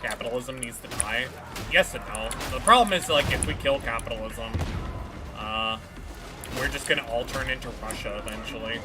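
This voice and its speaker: A man's voice: medium pitch, moderate pace, heavy background noise. A man streaming a video game, chatting in a rambling, offhand way and swearing often. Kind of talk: casual chat while gaming. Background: game music.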